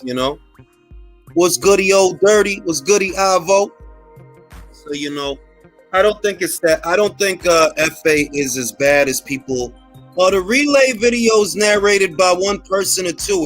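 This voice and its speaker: Fairly high-pitched and a bit bright, this boxing talk show host keeps his livestream loose and conversational. He tends to repeat phrases and tosses slang-filled remarks to his chat.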